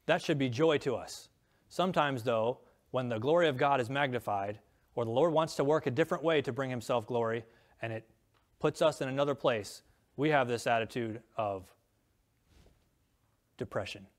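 A middle-aged man preaching a sermon as pastor, earnest, reading scripture aloud and rising in voice on key lines. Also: a little high.

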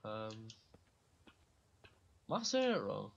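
A man's voice: mid-range voice, unhurried, a bit bright, dull audio, a little hiss or hum. Rambling, swearing gamer guy. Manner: rambling, swears a lot, laughs at himself. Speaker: gaming channel host. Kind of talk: casual gameplay commentary.

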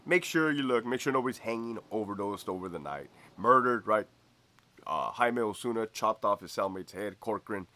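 A man's voice: fairly low pitch, lively intonation, moderate pace, sharp tone. A man who used to be a prison officer telling a story casually, slangy and profane, laughing often.

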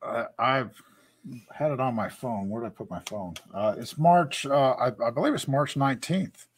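A man chatting casually as a guest, who stammers and lets his sentences fade out quietly. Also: medium pitch, moderate pace, a little hiss or hum. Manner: stammering, trails off quietly at phrase ends. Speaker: guest on a livestream. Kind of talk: casual chat. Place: at home.

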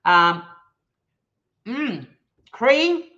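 Australian woman host, casual live-stream chat, playful and teasing, bright sharp tone, slightly dull lo-fi audio. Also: on the high side, extremely slow. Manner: playful, teasing, animated, laughs often. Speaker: livestream host reading chat.

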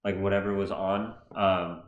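A man in his twenties, a podcast co-host musing in a measured way in casual chat, with many fillers. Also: low-pitched, flat delivery, roomy sound, highs cut off. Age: 20s.

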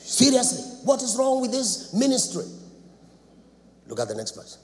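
A man preaching a sermon in a church, dramatic, swinging between loud shouts and low asides. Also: huge pitch swings, moderate pace, pauses often. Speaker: apostle preaching. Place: church sanctuary. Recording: reverberant church hall, faint background noise.

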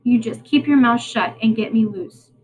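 A woman's voice: a little high, normal speed, a little mellow, slight background noise, natural voice, rough recording. A woman voicing a proud, bossy young male salesman in a storybook, speaking in a curt rural drawl.

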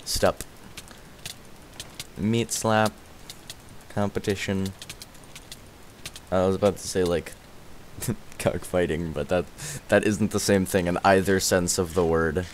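A man streaming a game live, rambling excitedly, answering chat and thanking viewers as he plays. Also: sits low, slow pace, pauses often, a little hiss or hum. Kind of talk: live gaming stream chatter.

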